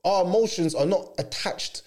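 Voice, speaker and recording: A man's voice: high voice, moderate pace, a little mellow. A young man in casual podcast chat. He uses heavy slang and acts out quotes in different voices.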